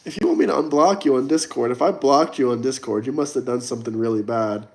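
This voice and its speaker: A man's voice: mid-range voice, quick pace, darkish tone. Young guy on a livestream, blunt, mocking the chat, argumentative and casual. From United States. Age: young adult. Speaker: livestream host. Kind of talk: casual livestream chat reading super chats.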